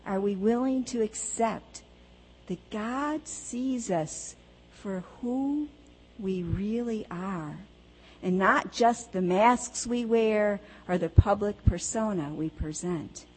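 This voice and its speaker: Woman preacher, slow earnest sermon storytelling, mid pitch, long echoey church sound. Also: a little mellow, a little hiss or hum. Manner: measured, earnest, with rhetorical questions. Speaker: pastor or preacher.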